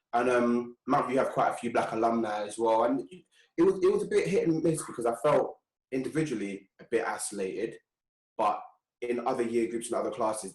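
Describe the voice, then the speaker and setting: A man's voice: on the low side, darkish tone. A young man co-hosting a podcast, speaking in a reflective, slightly hesitant way. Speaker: podcast co-host. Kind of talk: casual chat. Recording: roomy echo.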